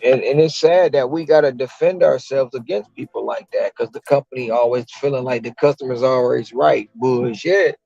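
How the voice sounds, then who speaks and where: A man's voice: mid-range voice, normal speed, gravelly, hardly any pauses, dark tone, no room sound, highs cut off, soft background music. A man who works as a delivery driver, talking emphatically in casual chat and repeating himself.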